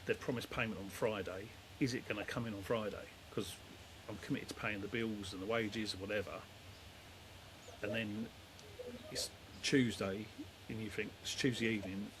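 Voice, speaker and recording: Middle-aged guy rambling through work stories, lots of you knows, faint hiss. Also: lowish voice. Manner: rambling, down-to-earth, lots of fillers. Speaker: guest, demolition company head. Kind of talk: casual storytelling chat.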